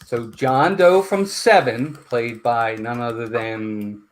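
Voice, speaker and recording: A man's voice: mid-range voice, takes it slowly. A man hosting a casual live stream, counting votes and greeting viewers by name. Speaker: host.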